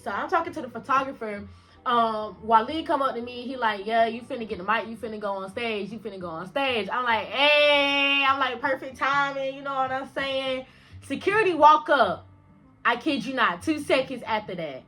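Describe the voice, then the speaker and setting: Bright animated young woman telling a story. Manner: animated, slangy, acts out dialogue with big pitch jumps and laughs. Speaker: vlogger. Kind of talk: storytime vlog.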